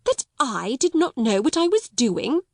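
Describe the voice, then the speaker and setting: A woman voicing a stern, harsh schoolmistress who makes sharp, indignant demands. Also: a little high, very animated, moderate pace, dry recording, clean studio sound, pitched above the performer's own voice.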